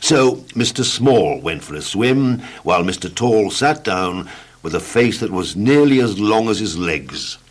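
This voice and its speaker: A man narrating a children's storybook tape, playful and expressive, slowing down for effect. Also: on the low side.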